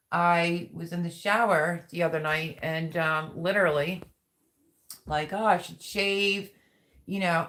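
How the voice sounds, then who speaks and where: A woman's voice: low-pitched, a bit bright. A woman hosting a casual live stream, greeting viewers by name and chatting while she reads their comments. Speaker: livestream host.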